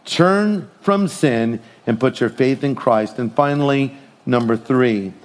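A middle-aged man preaching a sermon in an animated way, acting out voices as he tells stories and jokes. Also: medium pitch, slow pace. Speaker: pastor.

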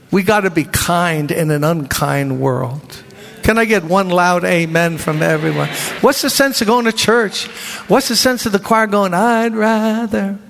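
A man preaching a sermon to a church congregation, animated and acting out the voices of the people in his story. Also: fairly high pitch, creaky. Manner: animated, acts out voices of biblical figures. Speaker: pastor. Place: large church hall. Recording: reverberant church hall.

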